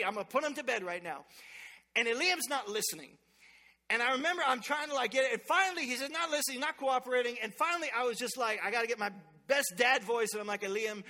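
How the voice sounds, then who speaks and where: A pastor with a very high, bright, forceful voice delivers a sermon, moving from lively family stories to scripture with playful call-outs to the congregation. He is a man in his thirties. His voice rings with the long reverb of a large church sanctuary.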